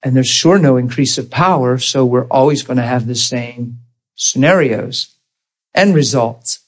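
A man preaching, telling a personal story in an earnest, animated way and acting out the dialogue. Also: medium pitch, a little slow, low-quality recording. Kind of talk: storytelling sermon.

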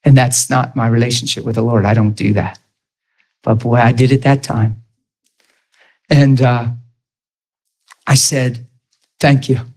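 A man preaching, retelling a story in an animated, emphatic way with lots of repetition. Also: medium pitch, measured pace, long pauses, poor audio. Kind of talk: storytelling sermon.

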